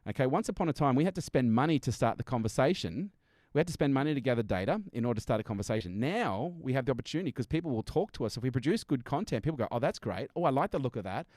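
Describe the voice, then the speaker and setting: A man's voice: mid-range voice, lively intonation, very fast, a little mellow, no room sound, clean studio sound. A man speaking as a podcast guest, emphatic and blunt, swearing now and then and acting out customers to make his points. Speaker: guest business strategist. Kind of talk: energetic podcast interview.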